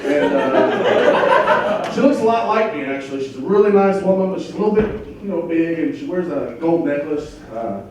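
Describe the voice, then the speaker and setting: A middle-aged man doing a stand-up comedy set in a club, delivering crude jokes in a deadpan way. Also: on the high side, moderate pace, background noise. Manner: crude deadpan one-liners. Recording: echoey club from far off, crowd laughter. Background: audience laughing.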